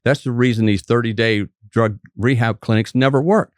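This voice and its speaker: An older West Virginia man, once a trooper and now a physician, tells folksy stories as a guest in a casual interview, acting out the quotes. His mid-range voice moves at normal speed, in a dry, studio-quality recording.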